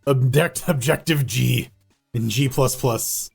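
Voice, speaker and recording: A jokey, excitable man chats casually while playing a game live. His voice sits at a middle pitch, and faint music plays behind him. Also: slow, vocal fry, breathy edge. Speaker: podcast co-host. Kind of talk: casual live gaming chat.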